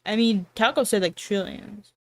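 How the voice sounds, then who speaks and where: A woman's voice: mid-range voice, moderate pace, darkish tone. Sarcastic woman streamer, casual chat. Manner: rambling, sarcastic, trails off mid-sentence.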